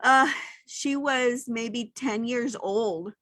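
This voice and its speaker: Heartfelt middle-aged woman, fairly high voice. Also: extremely slow, sharp tone, dry recording. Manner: heartfelt and reflective, gets emotional. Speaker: podcast co-host. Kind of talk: casual chat.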